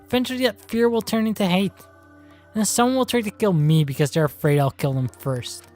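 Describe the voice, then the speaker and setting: A woman reading aloud the lines of a cold, guarded teenage girl assassin from a video game, in a plain, flat voice. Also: mid-range voice, fairly quick, faint music behind, voice pushed up, lightly acted.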